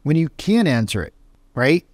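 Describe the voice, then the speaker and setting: A man's voice: fairly high pitch, moderate pace, no echo. A man who works as a real estate agent and coach gives a motivational talk, telling a story and acting out the dialogue. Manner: animated, acts out dialogue in changing voices.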